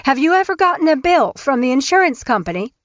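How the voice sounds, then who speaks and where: A woman's voice: high-pitched, big pitch swings, quick pace, dry recording, voice pushed up. A woman voicing a persistent, suspicious grandmother who presses with blunt questions, in an audiobook. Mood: confronting. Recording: dull, dry studio recording.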